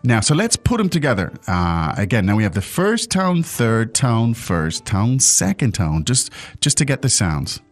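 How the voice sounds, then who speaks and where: A man hosting a language lesson in a relaxed, chatty way, with fillers and restarts. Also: mid-range voice, unhurried, few pauses, soft background music. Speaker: English-speaking host of a language lesson. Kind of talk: casual lesson chat.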